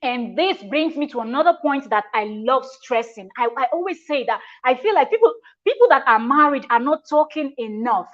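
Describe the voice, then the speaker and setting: Her voice sits high with lively intonation and a moderate pace, recorded with lo-fi sound. As a reaction channel host, she gives casual commentary in a chatty, emphatic style, often restarting her sentences.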